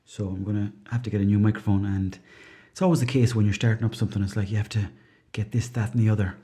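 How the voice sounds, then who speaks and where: A man's voice: fairly low pitch, steady tone, fast, dark tone. A man with an Irish accent hosting a comedy podcast in a rambling, chatty, self-mocking monologue. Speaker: podcast host.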